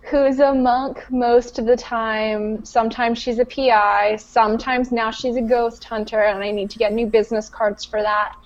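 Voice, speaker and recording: A woman's voice: a little high, flat delivery, normal speed, hardly any pauses, lo-fi sound. Easygoing self-mocking woman player. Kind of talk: casual self-introduction.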